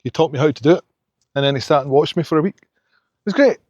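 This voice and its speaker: Out hiking in the mountains, a young Scottish man chats for his vlog, rambling and full of opinions. His voice is a little high, fast and darkish, and the recording is dry and dull.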